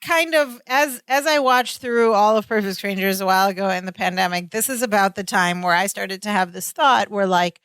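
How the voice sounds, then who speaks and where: A woman co-hosting a podcast, recapping a sitcom episode in casual chat with quick laughs. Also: medium pitch, fairly even intonation, a bit bright, clean tone, no room sound. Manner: chatty, recounts scenes with quick laughs. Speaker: podcast co-host.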